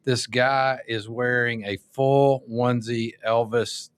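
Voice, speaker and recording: A man chats casually on a podcast, telling stories with relish. His voice sits in a middle pitch. The recording is dry and close, with little room sound. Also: slow, clear, resonant tone, no echo. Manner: animated storyteller. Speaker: podcast co-host. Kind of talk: casual chat.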